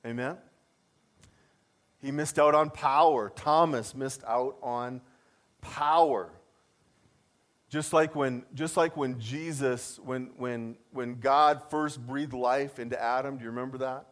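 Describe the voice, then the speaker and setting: A male pastor preaching a lively sermon, repeating key phrases and putting questions to his congregation. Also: medium pitch, slow.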